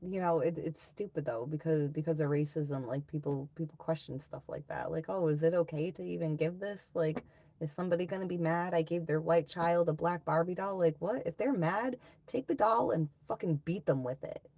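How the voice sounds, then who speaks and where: A woman's voice: low-pitched, moderate pace, dark tone, no echo. A young woman chatting casually on a livestream, blunt and profane as she rants and reads comments. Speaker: livestream host.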